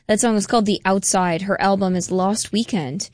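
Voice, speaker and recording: A woman's voice: mid-range voice, fairly even intonation, moderate pace, darkish tone, no room sound. Chatty self-deprecating woman radio DJ. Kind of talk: casual radio DJ chat between songs.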